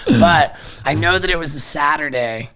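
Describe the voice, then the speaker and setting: Excitable, bright-voiced middle-aged man. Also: fairly high pitch, moderate pace. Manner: excitable, swears freely, repeats words. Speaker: podcast guest. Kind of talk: casual storytelling.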